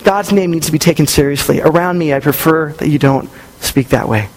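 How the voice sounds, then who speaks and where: In a low-quality recording, a thirtysomething male pastor gives a sermon a little fast, his voice distinctly high. He keeps things easygoing and conversational, storytelling as he takes on the voices of the characters he quotes.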